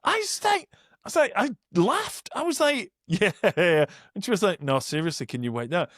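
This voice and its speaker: A man's voice: high-pitched, big pitch swings, normal speed, a bit bright, no room sound, clean studio sound. A man hosting a podcast, chatting casually, joking and laughing as he tells stories. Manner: jokey, laughing, mocks accents. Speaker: podcast host.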